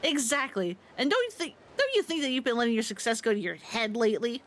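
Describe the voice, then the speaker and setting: A woman's voice: fairly high pitch, sing-song, quick pace, a little hiss or hum. Woman putting on Ulala, a bratty rival idol. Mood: scornful. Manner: snide, bossy and loud. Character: haughty, boastful young female rival idol. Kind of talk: reading game dialogue aloud on a stream.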